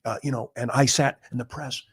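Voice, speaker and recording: A man's voice: medium pitch, fairly even intonation, a little fast, fairly bright tone, slightly rough. A middle-aged man, a radio host, telling rambling celebrity stories in blunt, profane casual talk. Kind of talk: casual storytelling monologue.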